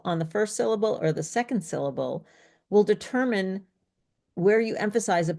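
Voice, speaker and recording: A woman's voice: on the low side, a little mellow. A woman teaching a live pronunciation lesson, explaining step by step and correcting herself as she thinks aloud. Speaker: speech coach.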